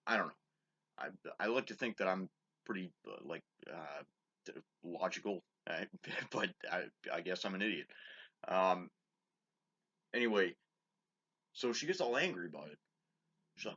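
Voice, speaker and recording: A man's voice: sits low, lively intonation, pushed and bright, slightly rough, lo-fi sound. A man in his thirties rambling in a casual vlog about his day, swearing a lot and restarting his sentences often. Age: 30s. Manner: profane, halting, with many restarts and fillers. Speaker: vlogger. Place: his own bedroom.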